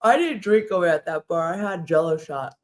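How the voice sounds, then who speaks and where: A woman co-hosting a casual live stream who talks in a chatty, animated way. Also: on the low side, fairly quick. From United States. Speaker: co-host.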